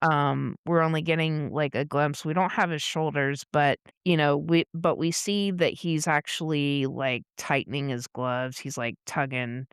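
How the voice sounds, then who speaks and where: Woman, podcast co-host, casual comic recap, slow pace, smooth clear voice, dry close sound, laughs and swears. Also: low-pitched, no room sound. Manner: animated retelling, laughs often, swears casually.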